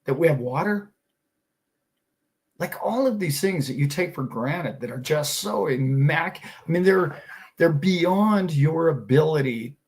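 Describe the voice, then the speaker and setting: A middle-aged man with a slightly high voice hosts a finance show. He talks in a casual, motivational way and fires off one rhetorical question after another. He sounds enthusiastic and a little preachy. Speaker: host of a finance and crypto show.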